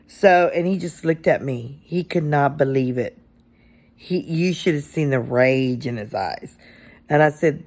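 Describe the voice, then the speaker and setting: A woman's voice: low voice, a little slow, a little mellow. A woman, a substitute teacher, casually telling a story from her classroom and acting out what she and a child said.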